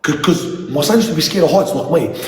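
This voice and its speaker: Excitable dad telling stories. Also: male voice, a little high, brisk. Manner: animated, swearing, laughing asides. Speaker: father talking to viewers. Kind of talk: casual storytelling livestream. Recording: echoey room with long reverb, faint noise.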